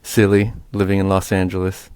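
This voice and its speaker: A man talking as a guest in a casual interview, rambling with many fillers and animated asides, sounding slightly tired. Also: deep voice, normal speed, clean tone, dry recording. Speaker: musician guest.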